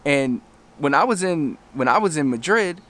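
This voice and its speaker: A man's voice: fairly high pitch, animated, normal speed, a bit bright. A man talking casually to camera as a language coach, loose and rambling, often restarting his sentences and acting out little quoted exchanges. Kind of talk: casual talking-head lesson.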